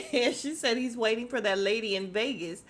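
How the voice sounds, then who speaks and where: A woman's voice: a little high, fairly quick, fairly bright tone. A woman hosting a casual podcast recap of a reality show. She talks straight to her listeners, laughs often and speaks bluntly, with some swearing. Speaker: podcast host.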